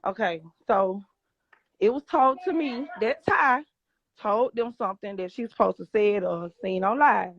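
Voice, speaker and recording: A woman's voice: medium pitch, measured pace, gravelly, no echo, lo-fi sound. A woman hosting a live stream who keeps pressing her guest with questions.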